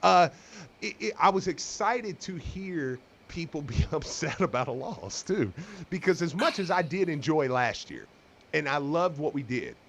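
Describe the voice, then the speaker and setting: A man hosting a casual sports talk show, excitable and quick to laugh. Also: on the high side. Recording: faint background noise.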